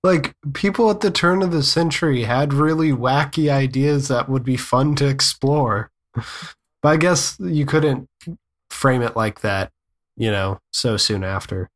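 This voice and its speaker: A man's voice: mid-range voice, unhurried. A man co-hosting a film podcast, dry and sarcastic, mocking the movie. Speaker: podcast co-host. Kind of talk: casual chat.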